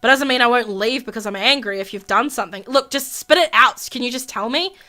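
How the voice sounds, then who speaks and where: A woman's voice: on the high side, fairly quick, pushed and bright. A woman voicing a jealous young husband in a life-sim game, angry and demanding, repeating himself insistently.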